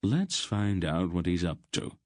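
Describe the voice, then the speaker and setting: A man playing a wiry little schemer with a quick, conspiratorial tone, in a deep voice. The reading is close and dry. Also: expressive, a little mellow, dry recording. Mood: sly. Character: small sly male thief and spy.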